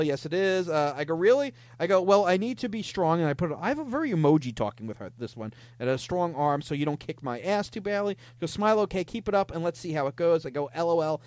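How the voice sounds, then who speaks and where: This is a man hosting a comedy show who reads chat logs aloud with a playful, mock-dramatic flair. His voice sits fairly high and swoops up and down a lot. The sound is dry and close to the mic. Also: no room sound. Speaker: podcast host reading scam chats. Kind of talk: comic storytelling, reading chat logs aloud.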